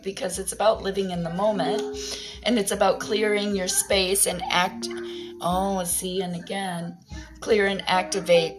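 A woman's voice: on the low side, poor audio. Woman, tarot reader, rambling and candid, feels scattered, faint music under her voice. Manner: rambling, candid, swears casually. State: feeling scattered and confused. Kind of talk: casual spiritual card reading.

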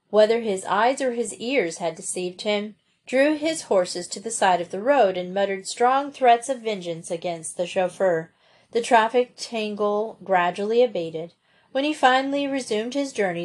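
Brief: female storybook narrator, mid-pitched, steady expressive reading. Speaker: audiobook narrator.

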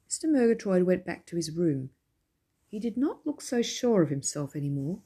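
A woman reads a children's story aloud, gentle and expressive. Her voice is somewhat low and husky, and her tone is mellow rather than bright. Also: normal speed. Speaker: narrator.

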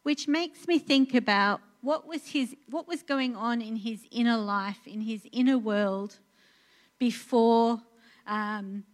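A woman's voice: on the high side, slow. A woman, preaching a sermon in an earnest, conversational way with many fillers and restarts. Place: church in Portugal.

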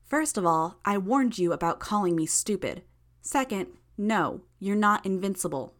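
A sharp-tongued young villainess, hurt and strained, as a woman narrator acts her out. She talks in short, breathy bursts, knowing and clipped, in an audiobook reading. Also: medium pitch, lively intonation, moderate pace, voice pushed up, lightly acted. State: in pain, strained.

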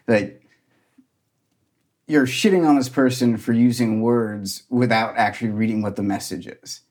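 A man's voice: medium pitch, steady tone, a little slow, darkish tone. A man in a casual sports podcast discussion, making an earnest argument.

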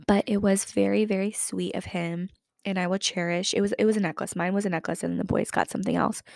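Casually chatting as a podcast host, this woman in her twenties fills her speech with "like" and has a lingering cough. She talks at a quick pace in a steady, creaky, slightly mellow mid-range voice, with clean studio sound and no room sound.

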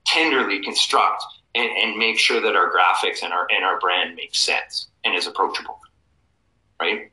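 A man in his forties with a very bright, sharp voice tells stories in a casual interview. He acts out the people he quotes with lively swings in his voice. The room around him sounds echoey. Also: mid-range voice. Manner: animated anecdotes, acting out quoted people. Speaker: guest, cofounder of a map company.

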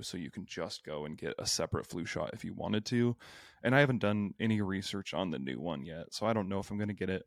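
A man with a very deep, gravelly voice talks as a podcast guest. He is brash and joking and swears freely. His voice is recorded dry and close. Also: no echo. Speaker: podcast guest, healthcare worker. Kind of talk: casual podcast chat.

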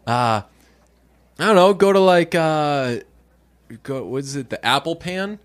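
Animated man telling a funny story. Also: a little slow. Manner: animated storyteller, jumps pitch to quote people. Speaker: podcast co-host. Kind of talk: casual chat.

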